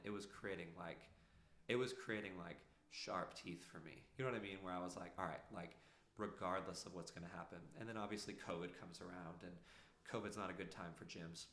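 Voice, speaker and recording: A man's voice: deep voice, pushed and bright, reverberant, slight background noise. A man, a podcast guest telling his story earnestly, rambling with many fillers. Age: 30s. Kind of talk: casual storytelling.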